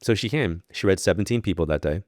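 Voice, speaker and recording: A man's voice: low-pitched, fast, no room sound, studio quality. A man from New York, a podcast guest, telling a long personal story in casual talk and acting out the voices of the people in it. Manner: animated storyteller acting out quoted dialogue. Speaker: podcast guest, psychic medium.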